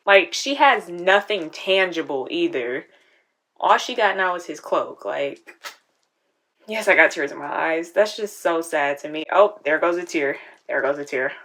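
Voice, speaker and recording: A woman's voice: low-pitched, animated, unhurried, a bit bright, faint music behind. A woman hosting a casual reaction video, chatting and talking back at the screen.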